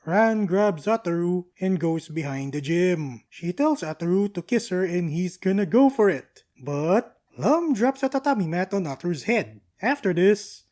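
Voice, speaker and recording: Anime reviewer, casual episode recap, slangy asides, breezy delivery, mid-range pitch. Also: expressive, a little slow, few pauses, darkish tone.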